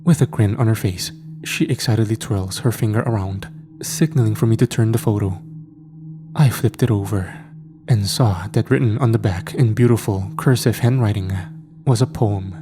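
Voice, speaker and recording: A man calmly narrating a horror story in a measured, scripted way. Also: lowish voice, music in the background.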